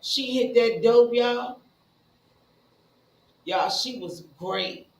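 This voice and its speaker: A woman telling her own story in a casual, blunt and profane way, talking straight to her listeners and jumping between hushed asides and loud bursts. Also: on the high side, very slow. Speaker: speaker sharing a recovery story. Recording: roomy echo with faint ambience.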